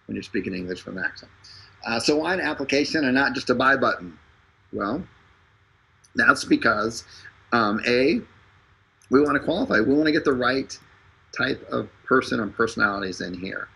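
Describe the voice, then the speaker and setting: A man hosting a live stream, making a casual, joking sales pitch full of fillers and restarts. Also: animated, moderate pace, gravelly, long pauses, sharp tone, breathy edge, poor audio. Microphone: streaming over an internet connection.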